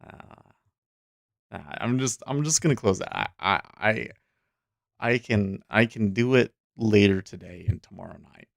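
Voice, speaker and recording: A man's voice: on the low side, a little slow, gravelly, dry recording. A man hosting a casual livestream, talking in a rambling, chatty way with frequent restarts, into a close desk mic. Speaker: host.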